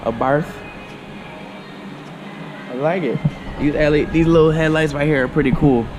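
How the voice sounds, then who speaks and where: A man doing a casual car walkaround for his vlog, excitable and slangy, talking straight to viewers. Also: a little high, normal speed, over music. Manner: loose, slangy, excitable, talks to viewers as y'all. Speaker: car vlogger. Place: indoor car dealership showroom. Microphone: handheld camera with small on-camera mic.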